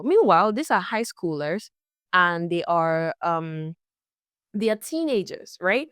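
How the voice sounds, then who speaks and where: Young woman vlogging, chatty and exasperated, lowish voice, dead dry sound. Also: lively intonation, takes it slowly, fairly bright tone, clean tone, no echo. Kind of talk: casual vlog talk to camera.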